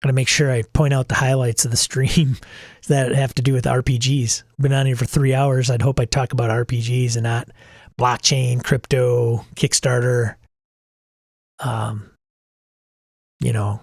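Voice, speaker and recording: A man's voice: medium pitch, little pitch movement, unhurried, pauses often, a little mellow, no room sound. Middle-aged male host, casual and blunt, exasperated rants, dry close sound. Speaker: podcast host. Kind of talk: casual livestream talk.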